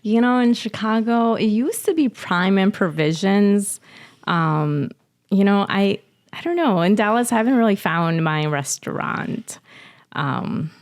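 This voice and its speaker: A woman telling a personal story as a podcast guest, emotional and halting, often laughing. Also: medium pitch, expressive. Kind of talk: casual interview storytelling.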